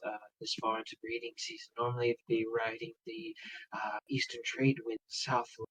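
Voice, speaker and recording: A man voicing a composed woman rider who speaks softly and in measured phrases. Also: medium pitch, flat delivery, rough recording. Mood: wary.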